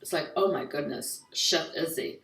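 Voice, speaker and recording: A woman doing a stand-up comedy set, who often slips into rapid, anxious, rambling inner monologues. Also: deep voice, vocal fry, fairly bright tone. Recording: echoey room heard from far off.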